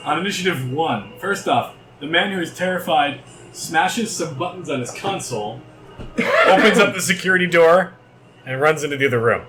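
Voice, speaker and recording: A man runs a tabletop game as game master, playful and quick with silly jokes. His voice swings widely in pitch. He sits back from the mic in a roomy space, with noise underneath. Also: animated, recorded from a distance. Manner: playful, jokey, bursts into laughter and silly sound effects.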